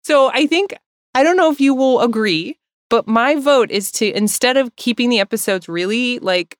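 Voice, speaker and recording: A woman co-hosts a podcast, chatting casually and from the heart, rambling emotionally, laughing often and tearing up. Her voice is fairly high and moderately paced, recorded clean in a studio with no room sound.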